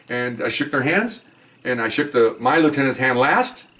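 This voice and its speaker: A former police officer tells a podcast story from his career in a casual first-person style, acting out dialogue and swearing offhand. His mid-range voice is fairly quick with a sharp tone, recorded from a distance.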